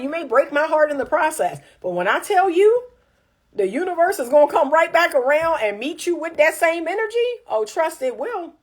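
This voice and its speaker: A woman's voice: high voice, big pitch swings, moderate pace. A woman relationship coach chatting casually and reading viewer comments. She is emphatic and repeats lines for punch.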